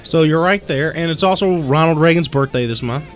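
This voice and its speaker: A man co-hosting a late-night radio talk show, his voice pitched a little high. He rambles through jokes and mocking asides in loose studio banter. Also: fairly quick, soft background music.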